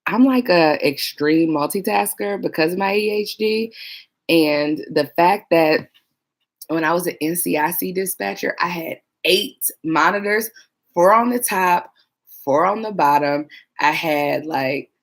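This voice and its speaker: A woman's voice: low voice, fairly bright tone. A woman who worked as a police dispatcher, chatting casually to viewers about trainees and acting out coworkers. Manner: chatty, laughing, mimics people. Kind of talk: casual livestream chat.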